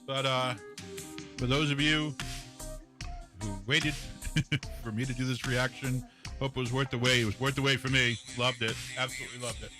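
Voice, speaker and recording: A man's voice: mid-range voice, fairly even intonation, normal speed, long pauses, over music. A man co-hosting a live stream, chatting casually in a blunt, profane, teasing way. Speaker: co-host of a live reaction stream. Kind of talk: casual chat.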